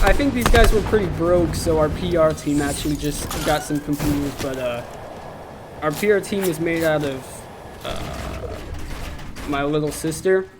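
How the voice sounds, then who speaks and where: A young man doing deadpan, joking play-by-play commentary for an amateur game tournament. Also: a little high, background noise. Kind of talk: joking esports commentary over gameplay. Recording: game music under the voice.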